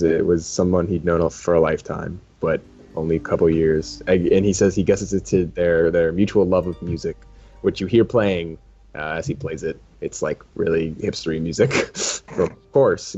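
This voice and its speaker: A man's voice: sits low, a little mellow, husky, highs cut off. A man playing in a tabletop role-play session, chatting casually and rambling with frequent laughs. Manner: laughs often, joking and rambling. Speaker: tabletop game player.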